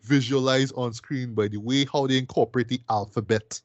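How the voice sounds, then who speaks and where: A man co-hosts a podcast, reviewing a film in a casual, enthusiastic chat full of fillers and tag questions. His mid-range voice holds a steady tone at a brisk pace. The audio is dull, with no room sound.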